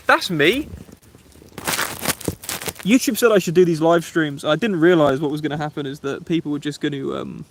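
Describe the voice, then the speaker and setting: A young Englishman talks casually to his live-stream viewers. His voice sits slightly high for a man, and he is loose and chatty, throwing in mate and bro as he answers comments. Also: fairly bright tone, a little hiss or hum. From England. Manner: chatty and laid-back, says "mate" and "bro". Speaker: YouTube camping livestreamer.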